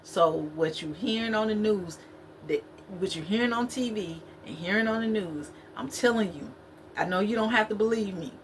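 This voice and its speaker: Woman, spiritual vlog talk, repetitive and preachy, mid pitch, faint noise. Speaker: spiritual vlogger.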